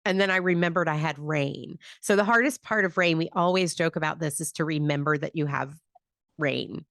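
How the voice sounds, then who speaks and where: A woman hosts a podcast in a low voice with a gravelly, fry-laden texture. She explains things in a calm, reflective way. The sound is dry and close to the mic. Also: moderate pace, no room sound. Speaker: podcast host and grief teacher. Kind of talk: conversational podcast teaching.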